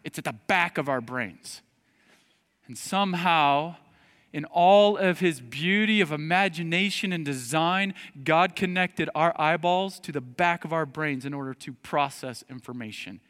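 A man preaching a sermon, emphatic, rising to loud appeals and dropping to quiet earnest asides. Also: a little high, unhurried. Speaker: pastor. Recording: long hall reverb.

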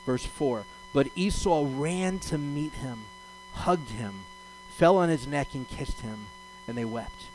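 Animated male rabbi preaching a sermon. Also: fairly high pitch, takes it slowly, a little hiss or hum, rough recording. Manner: animated, acts out the voices of God and Jacob in paraphrase; conversational teaching with rhetorical questions.

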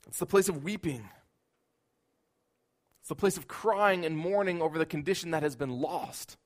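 A man preaching a sermon in an earnest voice, building at times into loud, emphatic outbursts. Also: fairly high pitch, moderate pace.

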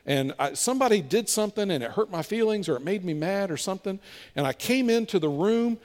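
Animated high-voiced male pastor. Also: brisk, long reverb tail. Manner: animated storytelling, acting out voices of biblical figures. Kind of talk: sermon.

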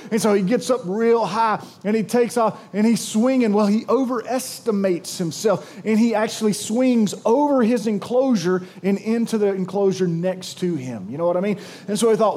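A man's voice: high voice, a little fast, hardly any pauses, warm tone. A man preaching a sermon as a pastor, telling a joke story and leading the congregation in call-and-response.

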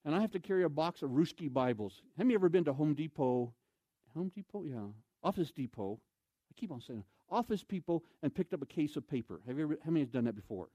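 A man preaching in an animated storytelling style, swinging between loud bursts and hushed, low passages. His voice sits somewhat high for a man and is recorded dry and close, and he keeps asking the crowd questions as he acts the story out. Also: quick pace, dry recording. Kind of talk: storytelling sermon.

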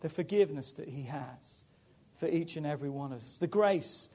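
High-voiced man preaching a sermon. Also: normal speed. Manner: emphatic, building to loud preaching. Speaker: pastor.

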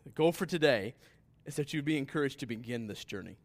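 A man preaching a sermon in a relaxed, conversational way, with asides to the congregation. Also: mid-range voice, fast talker. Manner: conversational preaching that rises to emphatic scripture reading. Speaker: pastor.

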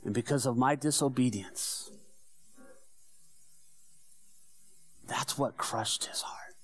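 A man performing a first-person church monologue as the apostle Peter, an earnest middle-aged fisherman, telling the story in a hushed, sorrowful tone that swells into fervent preaching. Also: mid-range voice, normal speed, breathy edge. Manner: storytelling, swinging from hushed whispers to fervent shouts.

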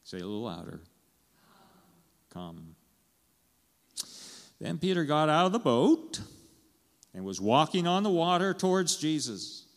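A man's voice: fairly high pitch, sing-song, normal speed, long reverb tail. A man pastor preaching a conversational sermon in a church, asking the congregation questions and chuckling as he goes.

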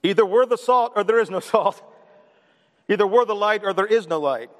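A man's voice: sits high, brisk, in a large hall. A man preaching a sermon as pastor of a church, emphatic and repetitive, calling on the congregation to respond. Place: church sanctuary.

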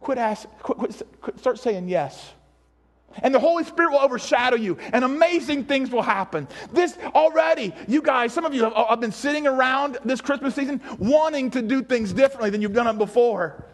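Pastor guy with a really high voice, preaching hard, repeats himself, keeps asking the crowd questions. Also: normal speed. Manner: emphatic, repeats phrases, rhetorical questions to the congregation. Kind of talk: sermon. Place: church.

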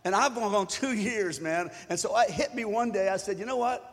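A high-pitched man preaching a sermon in a church, his voice carrying a long hall reverb. He talks easily with the congregation and builds to loud calls for them to join in. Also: fairly quick, breathy edge. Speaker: pastor.

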